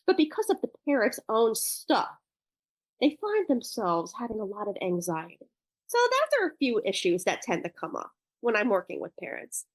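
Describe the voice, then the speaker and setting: Animated woman guest, high and lively. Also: no echo. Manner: thoughtful, loose explanations with restarts. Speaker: guest who works with parents. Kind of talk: podcast interview.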